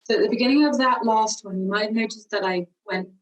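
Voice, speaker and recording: A woman teaching singing, calmly guiding a vocal warm-up with slow, encouraging cues. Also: a little high, distant mic, rough recording. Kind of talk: guided vocal warm-up lesson.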